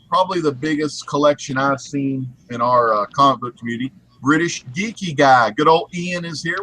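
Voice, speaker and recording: A man co-hosting a casual podcast, giving upbeat shout-outs to viewers in the chat. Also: on the high side, rough recording. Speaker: co-host reading the chat.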